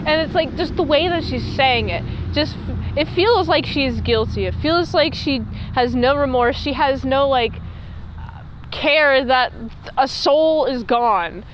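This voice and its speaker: A woman's voice: high voice, slow, a little hiss or hum, rough recording. A woman giving a casual, rambling episode recap, full of fillers and loose asides. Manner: rambling, filler-heavy chat. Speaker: show reviewer.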